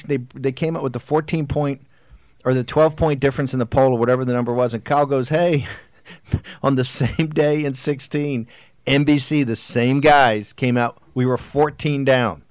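A man's voice: mid-range voice, steady tone, normal speed, dry recording. A middle-aged man hosting a political talk show, delivering a combative, exhorting monologue that rambles with restarts. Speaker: host.

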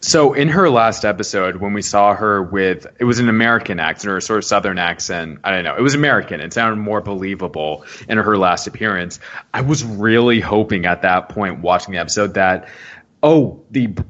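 A man co-hosting a casual podcast, giving measured opinions and laughing easily. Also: on the low side, fairly bright tone, dull audio. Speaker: podcast co-host.

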